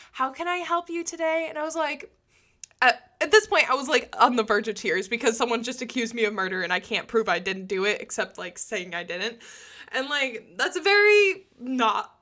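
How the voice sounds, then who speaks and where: A young woman telling a casual storytime anecdote to her audience, chatty and quick to laugh, filling her talk with "like". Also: a little high, lively intonation, bright, forceful tone. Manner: chatty, peppered with "like", laughs often. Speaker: storytime vlogger.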